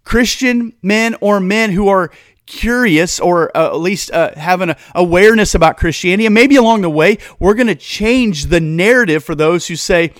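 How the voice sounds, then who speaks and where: A man's voice: high-pitched, normal speed, a bit bright, no room sound, clean studio sound. A man hosting a podcast, preaching with fire and throwing rhetorical questions at his listeners. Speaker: podcast host. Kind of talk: casual podcast monologue.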